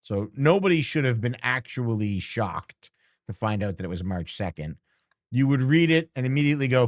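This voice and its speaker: A man's voice: medium pitch, expressive, moderate pace, no room sound, studio quality. A man streamer chatting casually and teasingly with his chat while playing a game, rambling and joking.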